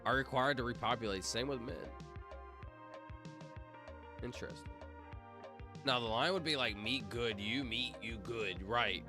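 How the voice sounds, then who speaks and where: Male streamer, casual chat with viewers, very animated pitch, spells letters aloud, music bed underneath. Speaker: livestreamer. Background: music playing.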